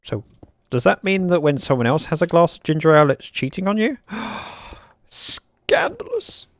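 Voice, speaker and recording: A man's voice: fairly high pitch, fast talker, dry recording, studio quality. A young man streaming a block-building game, chatting and joking with his viewers as he plays. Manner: chatty, joking, reads out chat messages. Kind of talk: casual livestream chat while playing.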